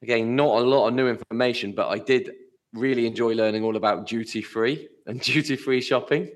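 A man's voice: mid-range voice, brisk. A man co-hosting a podcast, chatting casually and with amusement, trailing off with fillers. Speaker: podcast co-host. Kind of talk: casual chat.

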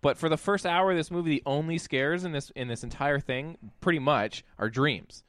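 A man in casual chat who recaps a movie in an animated, profane storytelling way. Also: fairly high pitch, normal speed, no echo.

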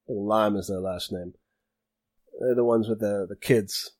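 A man's voice: lowish voice, steady tone, normal speed, a little mellow. A man narrating as game master for a tabletop role-playing game, talking casually with many fillers and restarts.

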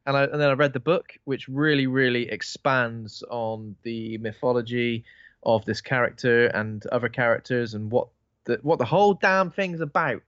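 Man from Bristol, podcast co-host; rambling, informal, mid-pitched; recorded dull and dry. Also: normal speed, fairly bright tone, clear, resonant tone, dry recording. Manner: rambling, self-interrupting, informal. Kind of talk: casual chat.

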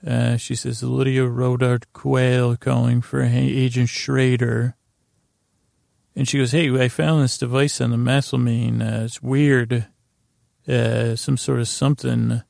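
A man with a deeply gravelly, fry-heavy voice talks through a TV episode for a sleep podcast, meandering and stopping often to restart his sentences. His delivery stays level and unvaried. The sound is close and dry, with no room around it. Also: no echo. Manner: halting and rambling, with many fillers and restarts; low-key, flat retelling of dialogue. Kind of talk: meandering bedtime recap of a TV episode.

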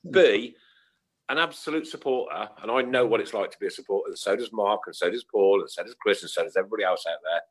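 A man hosting a talk show, jokey and expressive. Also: fast talker. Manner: jokey, expressive, swinging up and down in pitch. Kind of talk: casual chat.

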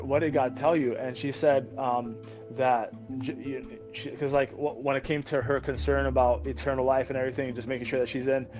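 Veteran man guest, earnest and excited storyteller, muffled lo-fi sound under faint music. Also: medium pitch. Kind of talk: conversational podcast interview.

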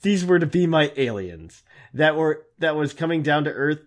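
A man co-hosting a casual podcast, laughing often and reading listener emails aloud with halting fillers. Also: a little high, very animated. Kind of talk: casual chat.

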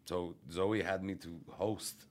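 Low-voiced male comic, casual podcast storyteller, swears freely, restarts sentences. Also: steady tone, slow pace, darkish tone. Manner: rambling, profane, self-interrupting. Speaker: comedian. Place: radio studio.

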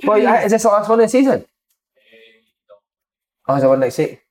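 A man co-hosting a podcast, teasing his friends in quick casual banter. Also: sits high, very animated, reverberant, poor audio. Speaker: podcast co-host.

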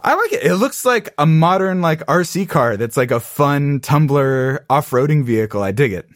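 A man's voice: fairly high pitch, no echo, studio quality. A man co-hosting a podcast, chatting casually and playfully about a TV episode over a video call. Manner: animated, quick asides, playful quoted voices. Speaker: podcast co-host. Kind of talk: casual recap chat.

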